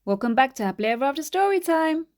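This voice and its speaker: Woman, storyteller, children's fairytales, lively swooping voice, expressive. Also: high voice, quick pace. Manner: lively, expressive read-aloud. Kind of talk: reading children's stories aloud.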